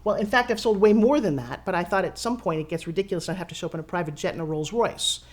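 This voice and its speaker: A woman in her fifties giving a casual walking tour of her studio, excitable and showy, talking straight to the camera. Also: on the low side, fast. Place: her own studio and offices, indoors.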